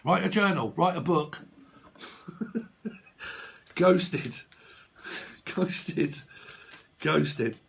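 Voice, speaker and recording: Man, tarot reader, husky voice, fairly high pitch, swearing and laughing, acts out imagined arguments. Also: lively intonation, very slow, pauses often, a bit bright. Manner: swearing, laughing, acting out both sides of arguments. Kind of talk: casual tarot reading to camera. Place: at home in front of a camera.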